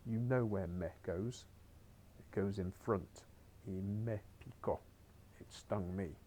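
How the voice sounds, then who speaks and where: A man's voice: fairly low pitch, slow, mellow, slight background noise. A man teaching a beginners' Spanish lesson on a recorded screen share, chatty and encouraging with wry asides.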